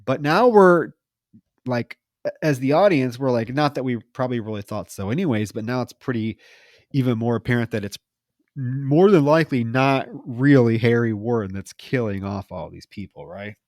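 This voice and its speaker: A man co-hosts a podcast and walks through a film's plot in a relaxed, chatty way. His pitch sits in the middle of the range, and he pushes hard on the key beats. The recording is close and dry, with almost no room sound. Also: normal speed, no room sound. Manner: animated retelling with lively emphasis. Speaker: podcast co-host. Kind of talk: casual film recap chat.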